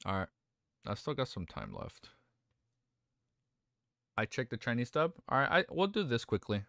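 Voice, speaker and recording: A male streamer chatting excitedly and casually during a live reaction stream, swearing now and then. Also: mid-range voice, moderate pace, creaky, no room sound, studio quality.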